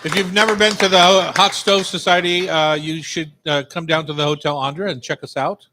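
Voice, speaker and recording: A man's voice: on the high side, fairly even intonation, brisk, heavy background noise. A man hosting a live cooking show, upbeat and chatty. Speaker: host. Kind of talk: casual live chat.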